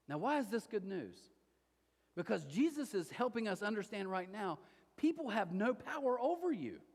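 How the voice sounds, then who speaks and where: A male pastor delivers an animated, conversational sermon and keeps slipping into acted-out quotes. His voice runs high and leaps around in pitch. A long reverb from the church auditorium hangs on every phrase. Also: a little fast.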